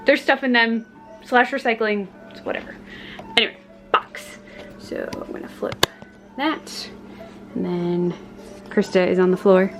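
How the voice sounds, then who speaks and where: A woman chatting casually to camera in her home kitchen, talking through her week, excitable and prone to squealing when something delights her. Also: medium pitch, unhurried, long pauses, music in the background. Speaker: vlogger.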